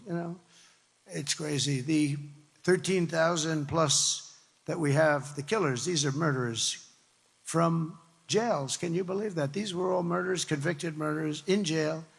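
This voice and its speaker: An older man from the New York area holds forth at a campaign rally, his voice high-set for a man, with a rough, gravelly edge. He rambles and repeats lines for emphasis. His words ring out with the long reverb of a big hall. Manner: repetitive, emphatic, rambling and conversational. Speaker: political speaker. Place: large hall before a crowd.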